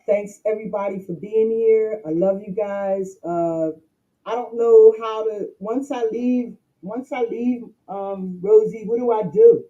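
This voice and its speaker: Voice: medium pitch, dark tone, dull audio. A livestreamer talking casually to chat, rambling and repeating points while addressing viewers directly.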